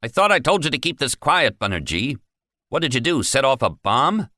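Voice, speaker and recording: A man's voice: mid-range voice, big pitch swings, moderate pace, sharp tone, dry recording, studio quality, pitched above the performer's own voice. A man voicing an irritable, abrasive male manager. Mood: angry.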